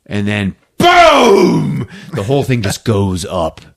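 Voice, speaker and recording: A man's voice: on the low side, expressive, normal speed, darkish tone. A man hosting a podcast, recapping a film in casual chat, laughing often and acting out the characters. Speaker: podcast host.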